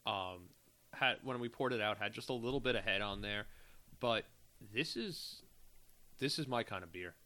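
A man with a bright, forceful voice hosts a casual beer podcast. He muses aloud in an easygoing, rambling manner. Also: on the low side, expressive, normal speed. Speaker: podcast host. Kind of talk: casual chat.

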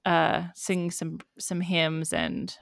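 A woman's voice: deep voice, big pitch swings, slow pace, vocal fry, dry recording, clean studio sound. A woman in her thirties co-hosting a podcast, chatting casually with ironic asides and frequent laughter. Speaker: podcast co-host. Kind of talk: casual chat.

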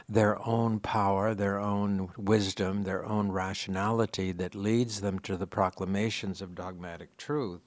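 A man with a deep, low voice delivers a sermon, unpacking scripture in a thoughtful, explanatory way. He teaches with easy conversational asides, and the sound is close and dry with no room echo. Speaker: preacher.

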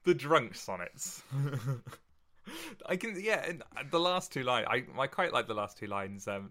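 Bright-voiced chatty man. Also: mid-range voice. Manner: chatty, animated, quick to laugh, many restarts. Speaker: podcast co-host. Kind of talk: casual chat about Shakespeare's sonnets.

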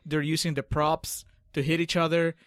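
A man's voice: on the high side, flat delivery, moderate pace, dry recording, clean studio sound. A man co-hosting a podcast, chatting wryly about a movie and acting out lines from it. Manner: wry, puts on quoted lines. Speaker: podcast co-host. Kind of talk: casual film-recap chat.

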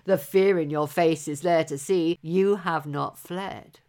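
A woman voicing a huge, ugly male giant who speaks in a slow rumble. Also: fairly even intonation, dark tone. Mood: mocking.

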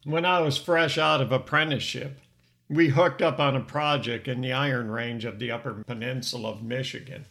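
A man's voice: mid-range voice, steady tone, moderate pace, creaky, fairly bright tone. An older man hosting a podcast, telling his own life story in an earnest, reflective scripted narration. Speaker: podcast host.

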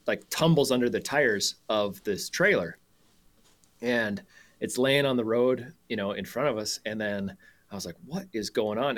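A man's voice: lowish voice, fairly bright tone. An American man, a podcast guest, telling a story casually, laughing often and restarting sentences.

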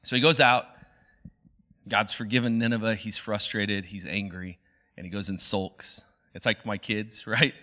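Bright-voiced, animated male pastor. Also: lowish voice, moderate pace. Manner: casual, animated, conversational. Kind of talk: sermon.

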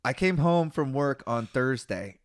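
A man's voice: mid-range voice, lively intonation, unhurried, no echo, studio quality. A man who is a comedian and podcast host, telling a rambling, profanity-laced story in casual chat.

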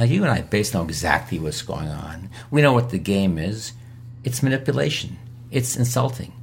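A man's voice: lowish voice, a little hiss or hum. A man, a physician, giving emphatic, repetitive coaching advice as an interview guest. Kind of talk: instructional interview answers.

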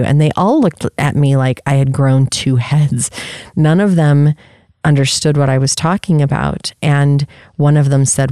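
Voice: medium pitch, fairly even intonation, measured pace, mellow, smooth, no echo, studio quality. A podcast host talking candidly and reflectively about personal experience, often restarting sentences while searching for words.

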